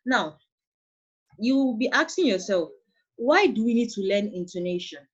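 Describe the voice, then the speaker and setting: A woman's voice: mid-range voice, lively intonation. Patient Nigerian woman teaching online. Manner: patient, repeats points, explains slowly. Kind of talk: online English lesson. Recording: dull lo-fi online class audio.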